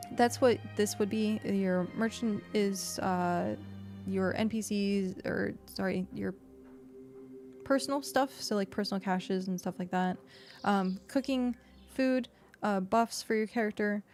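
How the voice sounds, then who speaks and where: A woman's voice: mid-range voice, vocal fry, a little mellow. A woman streamer chatting casually as she plays and explains a game, with lots of fillers, into a desk microphone. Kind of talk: casual gameplay commentary. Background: faint background music.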